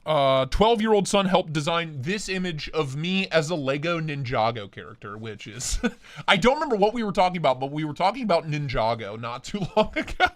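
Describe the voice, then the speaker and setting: Talking fairly quickly with big swings in his fairly high pitch, a man hosts a casual live stream from his home office. He reads viewer comments, greets chatters by name, and tells crude jokes, short of breath after a big meal.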